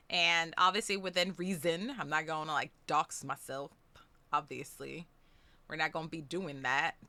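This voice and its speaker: A young woman hosts a live stream with a very bright, clear tone, recorded close and dry. She talks casually to her chat, excitable and quick to swear, swinging from easy chatter to squeals. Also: lowish voice, no room sound. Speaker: streamer hosting a charity stream.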